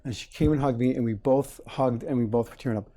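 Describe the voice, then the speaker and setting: At a quick pace, a man in his forties chats as a dentist guest in a casual interview, his mid-range voice warm and mellow. He explains plainly and, storyteller-style, performs little quotes of patients and staff.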